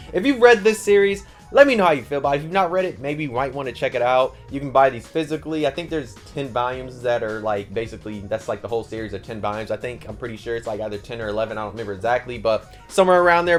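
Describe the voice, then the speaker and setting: A man recapping a manga in a casual, slangy way, his voice sitting at an ordinary pitch. He gets animated and loud when something excites him. Faint music plays quietly behind him. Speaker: manga reviewer.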